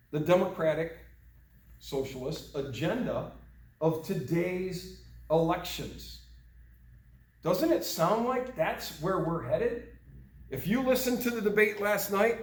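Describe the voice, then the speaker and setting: A man's voice: high voice, far from the mic. Earnest older man speaking in an echoey room. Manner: earnest, rhetorical questions. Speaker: meeting speaker. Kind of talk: speech to a small group. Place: meeting room. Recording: echoey room, mic from afar.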